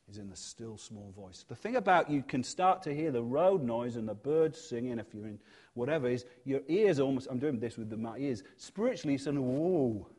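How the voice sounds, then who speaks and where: A male church leader preaching in a lively, conversational way, with humorous asides and quieter moments on softer points. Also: fairly high pitch. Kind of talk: sermon.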